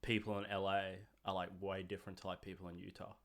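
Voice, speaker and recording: A young Australian man hosting a casual podcast chat, talkative and animated, with lots of "like" and "dude". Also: deep voice, fast, vocal fry. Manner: chatty, animated, filler-heavy with "like" and "dude". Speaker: podcast host.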